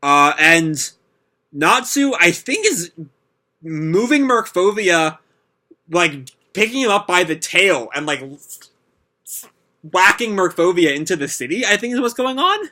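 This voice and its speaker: A man hosting a manga reaction, narrating each panel and giving his opinions. He rambles, with many fillers and restarts. His voice is a little high, bright and forceful. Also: very animated, unhurried, pauses often. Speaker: manga reaction video host. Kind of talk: reading a manga chapter aloud and commenting.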